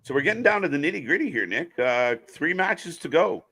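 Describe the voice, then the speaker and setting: A man's voice: fairly high pitch, big pitch swings, a little fast, bright, forceful tone, husky. A man hosting a live wrestling stream, chatting casually, joking and speaking straight to viewers. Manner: jokey, addresses viewers directly. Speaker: host.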